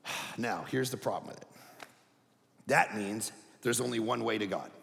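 A middle-aged man preaching a sermon as a pastor, conversational and animated, dropping to a hush and then rising to a shout. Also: lowish voice, moderate pace, vocal fry. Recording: echoey hall reverb.

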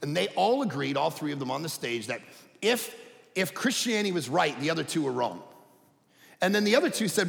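A middle-aged man preaching a sermon as a pastor, conversational and animated, dropping to a hush and then rising to a shout. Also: a little high, a little fast, creaky. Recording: echoey hall reverb.

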